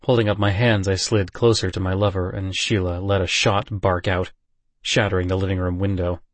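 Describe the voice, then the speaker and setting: A man giving a measured, unhurried first-person audiobook narration. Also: sits low, level tone, no room sound.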